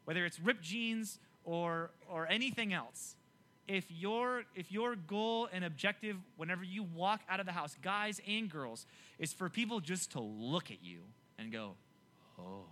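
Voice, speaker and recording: Animated high-voiced youth pastor, bright. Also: male voice, a little slow. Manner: animated, emphatic, repeats himself to engage listeners. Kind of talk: youth sermon.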